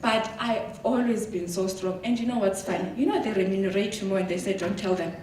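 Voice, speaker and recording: A woman from South Africa giving a motivational talk, telling her story in a lively way with frequent laughter. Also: mid-range voice, brisk, a crowd in the background. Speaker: guest speaker. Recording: echoey hall, distant mic.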